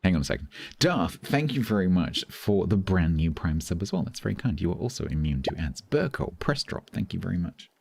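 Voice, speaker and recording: A man's voice: low-pitched, very animated, fairly quick, gravelly, darkish tone, slightly rough. A middle-aged British man with a British English accent chatting casually on a live stream, amused and talkative, thanking viewers between stories. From Britain.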